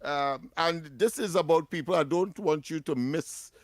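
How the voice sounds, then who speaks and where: A man's voice: fairly high pitch, measured pace, no echo. Trinidadian guy on morning radio, playful, laughs a lot, dry studio voice. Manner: playful, laughs often, repeats himself. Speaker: radio show co-host. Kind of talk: casual radio chat.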